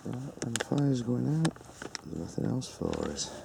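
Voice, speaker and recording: A man's voice: mid-range voice, expressive, measured pace, creaky, heavy background noise. A man chatting playfully to camera while cooking at a campsite, in a casual vlog. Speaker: vlogger. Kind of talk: casual camping vlog chat. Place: outdoors at a campsite.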